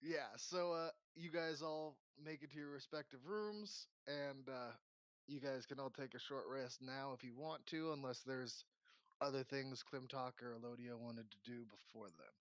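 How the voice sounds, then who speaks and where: A man's voice: medium pitch, moderate pace, a bit bright, no room sound. A man narrating as game master for a tabletop game, in a casual, rambling way full of fillers.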